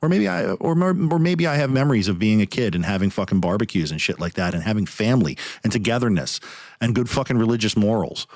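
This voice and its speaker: A man's voice: fairly low pitch, expressive, fast, a little mellow, dry recording, studio quality. A podcast host man ranting in anger, swearing heavily as he talks. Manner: angry, profane, heavy swearing. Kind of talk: heated podcast rant.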